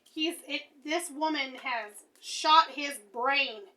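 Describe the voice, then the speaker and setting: A woman doing a tarot reading, high-voiced and bright, swinging from hushed musing to excited exclaiming. She thinks aloud as she turns each card, with a sharp, ringing tone. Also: slow. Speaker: tarot reader.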